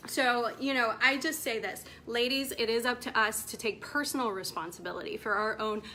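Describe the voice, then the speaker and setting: Woman, 40s, motivational coach, bright forceful tone, slightly high, faint rumble under it. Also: moderate pace. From United States. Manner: emphatic, passionate, preachy. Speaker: women's coach. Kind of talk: direct-to-camera motivational talk.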